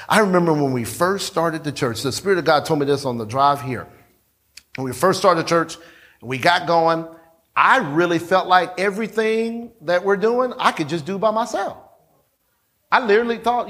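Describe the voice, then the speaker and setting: A pastor preaching a sermon in a church, talking conversationally, repeating himself and calling on the congregation. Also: male voice, high voice, lively intonation, brisk, fairly bright tone. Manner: conversational, repetitive, calls on the congregation.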